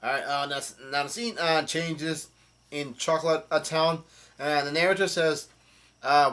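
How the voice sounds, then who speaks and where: A man casually recapping a comic chapter, reading quoted lines aloud in a halting, hesitant way. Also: on the high side, fairly even intonation, a bit bright. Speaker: manga chapter reviewer.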